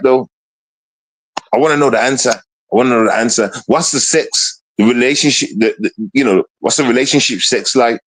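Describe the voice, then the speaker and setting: A man streaming a ranting monologue, repeating himself and firing taunting rhetorical questions at an absent woman. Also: medium pitch.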